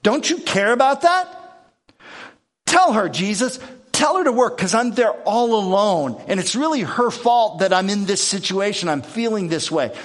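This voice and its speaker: A fretful, overworked woman who whines and protests, her voice pitched a little higher, as a preacher acts her out in his sermon. She sounds indignant and put upon. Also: lively intonation, normal speed. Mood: pleading. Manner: whiny, indignant.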